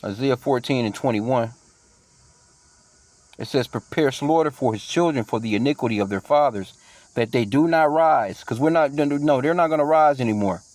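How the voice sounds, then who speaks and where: A man giving casual scripture teaching in a mid-range voice. He reads verses aloud in a measured way, then drifts into loose, profane street talk. His delivery is full of fillers and restarts. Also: mid-range voice, darkish tone, dry recording. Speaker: bible teacher.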